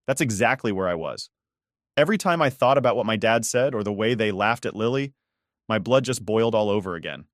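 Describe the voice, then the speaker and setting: A man's voice: lowish voice, lively intonation, brisk, dry recording, studio quality. A man narrating a first-person story in a casual, conversational way, swearing often.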